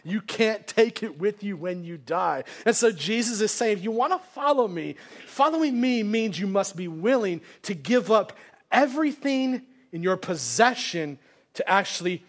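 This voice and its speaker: High-voiced man preaching conversationally. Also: lively intonation, normal speed. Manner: casual conversational preaching, acts out quotes. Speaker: pastor. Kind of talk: sermon. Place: church sanctuary, live congregation.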